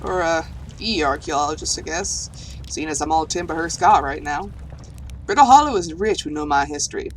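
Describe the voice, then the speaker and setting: A woman's voice: low voice, lively intonation, normal speed, a little hiss or hum. A woman voicing a timid, curious alien archaeologist who is afraid of space, reading game dialogue aloud with a put-on southern US accent, earnest and rambling. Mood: amazed. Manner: earnest, rambling, easily amazed.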